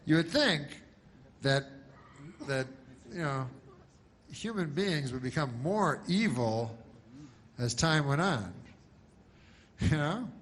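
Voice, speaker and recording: A man doing a stand-up set, deadpan and halting, with many false starts. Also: on the high side. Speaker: stand-up comedian.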